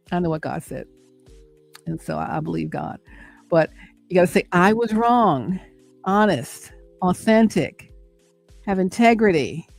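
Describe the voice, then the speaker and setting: A middle-aged woman leads a motivational faith talk over a livestream, her voice lowish, gravelly, and slightly mellow. She coaxes her listeners along with an emphatic, repetitive cadence much like a preacher's.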